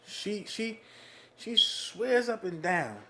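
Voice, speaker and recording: A young man from New Jersey venting about being a father in a casual monologue, animated, with lots of "you know what I mean". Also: takes it slowly, slight background noise. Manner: animated, swings loud and high when worked up, frequent "you know what I mean". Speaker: vlogger talking about fatherhood.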